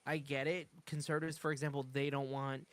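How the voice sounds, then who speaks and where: A podcast co-host in casual chat, speaking hesitantly with many filler pauses. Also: medium pitch, level tone, no room sound.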